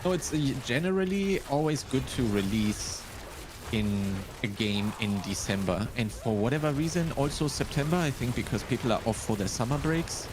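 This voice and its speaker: A man with a German accent in casual live-stream chat, reasoning his way through things out loud. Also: medium pitch, animated, normal speed, background noise. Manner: thinks aloud, working things out step by step. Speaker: streamer and host.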